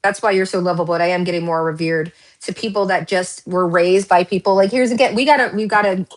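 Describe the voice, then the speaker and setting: A woman giving a casual pick-a-card tarot reading, rambling and excitable, laughing often and drifting into tangents. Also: lowish voice, quick pace.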